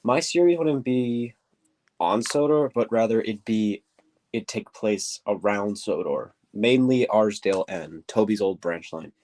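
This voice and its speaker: Stuffy deep-voiced man, rambling chat. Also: unhurried, a little mellow. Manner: rambling, searches for words, says quote-unquote often. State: stuffy nose. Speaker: streamer answering viewer questions. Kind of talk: casual livestream chat while building.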